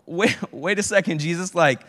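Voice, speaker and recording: Youth pastor, male, high voice, lively casual preaching, echoing hall. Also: moderate pace. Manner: animated, acts out prayers in character; casual slangy speech. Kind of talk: sermon. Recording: reverberant hall.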